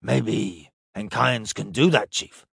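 A man voicing a rough male spaceship crewman, talking in a slow, blunt way with informal slang. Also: fairly low pitch, fairly bright tone, dry recording, studio quality, full character voice. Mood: puzzled.

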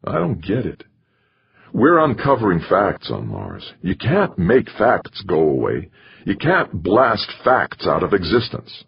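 A man's voice: lowish voice, huge pitch swings, takes it slowly, creaky, pitched above the performer's own voice, heavily acted. A man voicing a shaken, angry male scientist who leads a Mars program, speaking bluntly and bitterly. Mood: indignant. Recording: muffled lo-fi recording.

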